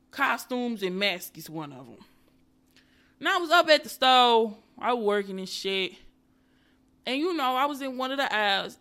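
A woman hosting a podcast, delivering a casual comedic monologue full of profanity and animated ranting, and speaking straight to her viewers and listeners. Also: medium pitch. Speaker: podcast host.

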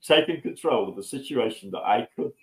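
A man co-hosting a podcast, an animated storyteller who pokes fun at himself in casual chat. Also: a little fast, poor audio. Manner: animated storyteller, self-mocking, jumps up in pitch on punchlines. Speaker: podcast co-host.

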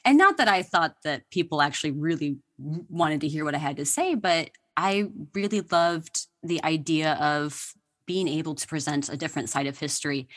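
A woman's voice: low-pitched, normal speed, fairly bright tone. A woman guest on a podcast, telling history stories with enthusiasm and laughing often. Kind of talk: casual interview chat.

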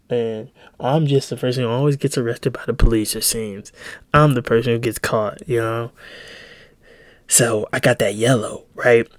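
A man's voice: medium pitch, a little mellow, dry recording. A young man hosting a solo podcast, telling a heated story in a rambling, profane way. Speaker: podcast host. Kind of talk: casual solo podcast monologue.

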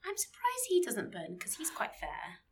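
A woman's voice: on the high side, wildly swooping pitch, moderate pace. A young woman from the Isle of Man co-hosting a casual podcast chat, playful and teasing. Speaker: podcast co-host.

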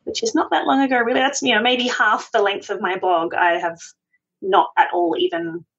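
A woman's voice: mid-range voice, fairly even intonation, moderate pace, a bit bright. Chatty woman on a dull lo-fi line. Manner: chatty, self-deprecating, laughs often. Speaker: podcast guest, food blogger. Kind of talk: conversational interview.

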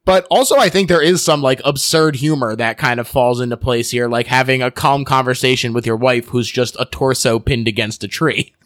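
Man host, mid-pitched, analytical, close dry mic. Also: steady tone, fairly bright tone, dry recording. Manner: analytical, measured, explains film references. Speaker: podcast host. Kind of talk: casual podcast film discussion.

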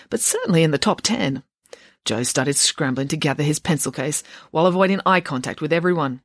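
A woman narrating a children's novel aloud with lively, expressive storytelling. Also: low voice, brisk, dry recording, studio quality. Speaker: audiobook narrator. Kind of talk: audiobook reading of a children's novel.

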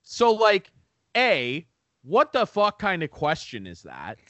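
A man co-hosting a casual podcast, spinning a profane, animated story. His voice sits a little high and jumps around a lot in pitch. The sound is dry and close. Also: takes it slowly, dry recording. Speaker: podcast co-host. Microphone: remote call mic.

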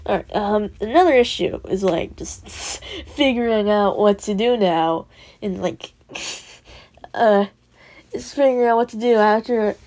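A teenage girl venting in a rambling, laugh-filled way, with many fillers and curse words, dropping to a soft whisper at times. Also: mid-range voice, lively intonation, unhurried. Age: teens. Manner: rambling, full of fillers and swearing, laughing often. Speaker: student vlogger. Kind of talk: rambling personal vent.

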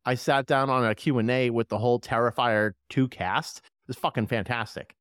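A man hosting a horror movie podcast in casual chat, excited and swearing freely. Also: mid-range voice, brisk, clean tone, no echo, clean studio sound. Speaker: podcast host.

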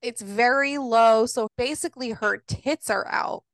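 A woman co-hosting a casual book club podcast, frank and quick to laugh. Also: fairly high pitch, dry recording, clean studio sound. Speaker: podcast co-host.

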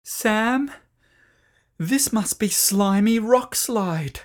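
A storyteller voicing a sensible, brisk young girl who calls out with urgency and takes charge. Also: medium pitch, animated, voice pushed up. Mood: urgent. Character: sensible girl, brisk and bossy older sister.

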